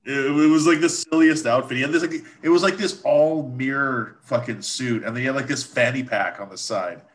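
A man's voice: medium pitch, brisk. A man chatting casually about live shows, laid-back and profane, with lots of fillers. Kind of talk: casual chat.

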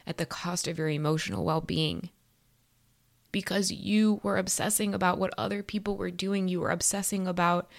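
A woman giving a spiritual tarot and astrology reading in an earnest, encouraging way, casually profane and slangy. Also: mid-range voice.

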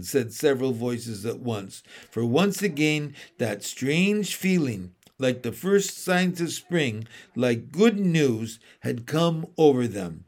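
A man reading a children's book aloud in a measured storytelling manner. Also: medium pitch, lively intonation. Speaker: reader.

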